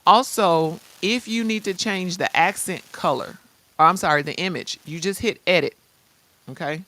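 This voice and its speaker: A woman hosting a live-streamed software tutorial. She chats casually in slang and talks straight to her viewers. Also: fairly low pitch, moderate pace. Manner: lively, chatty, addresses viewers directly. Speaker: host.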